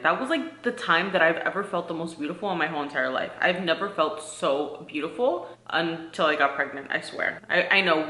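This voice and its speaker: A woman's voice: low-pitched, bright, forceful tone. A woman in her thirties chatting to camera in a casual vlog, earnest and talkative, full of "like" and "um". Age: 30s. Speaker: vlogger. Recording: echoey room.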